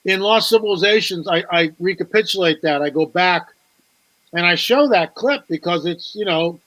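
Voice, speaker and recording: Guy guest on a talk show, high bright voice, super animated, stumbles and repeats words, acts out quotes, dry sound. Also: normal speed, dry recording, low-quality recording. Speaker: guest author.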